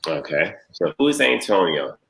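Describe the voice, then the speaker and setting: A middle-aged man who is a guest on a live interview show, talking over a video call. He is relaxed and friendly and speaks in quick bursts with fillers. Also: deep voice, gravelly, echoey room, low-quality recording. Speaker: guest, musician. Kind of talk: casual interview.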